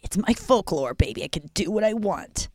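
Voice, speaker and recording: A woman's voice: medium pitch, animated, moderate pace, darkish tone, dry recording, clean studio sound. A young woman hosting a casual solo podcast from her porch at home, chatty and rambling, swearing freely. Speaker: podcast host.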